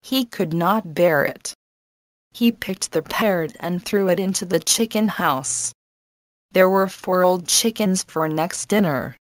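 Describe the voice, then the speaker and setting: A woman teacher reading an English lesson and a story aloud, slowly and carefully. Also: fairly low pitch, no echo. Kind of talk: scripted lesson narration.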